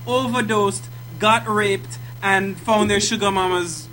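A man's voice: sits high, takes it slowly, pushed and bright, a little hiss or hum. A man co-hosting a podcast in casual chat, sarcastic and interrupting, laughing a lot. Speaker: podcast co-host.

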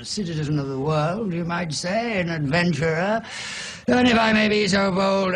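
An actor playing a pompous older adventurer in a film scene, speaking in a florid, theatrical, old-fashioned way. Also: male voice, sits high, fairly bright tone, exaggerated voice. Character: pompous older male drunken frontier adventurer. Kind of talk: film dialogue. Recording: noisy film clip audio.

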